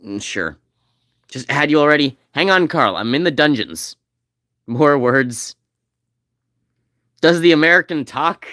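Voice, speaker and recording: A man giving casual, rambling commentary as he plays a game, now and then reading game text aloud quickly. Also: a little high, expressive, sharp tone, no room sound, clean studio sound. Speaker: game streamer.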